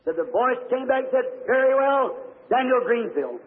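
A man preaching a sermon as a story, fervent and rising to shouts. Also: extremely high pitch, big pitch swings, moderate pace. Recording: echoey hall on tinny old tape.

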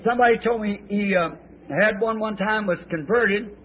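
A middle-aged male preacher in a sermon, telling folksy stories in a rambling, drawn-out way. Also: high voice, slight background noise. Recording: tinny, lo-fi old sermon tape.

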